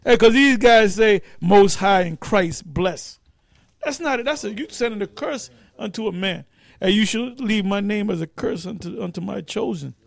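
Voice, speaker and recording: A man in a casual scripture discussion, reading verses slowly and laughing often as he teases. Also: high voice, creaky, fairly bright tone, no echo.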